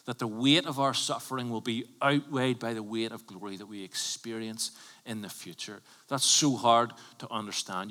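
Bright-voiced preacher in a hall. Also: male voice, medium pitch. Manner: emphatic, conversational preaching with sudden bursts and drops to near whisper. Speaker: pastor. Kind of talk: sermon. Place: church.

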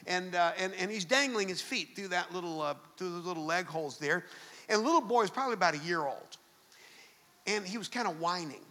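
A man's voice: high-pitched, a little fast, sharp tone, in a large hall. A man preaching a sermon, telling a story with frequent restarts and repeated words. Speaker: pastor.

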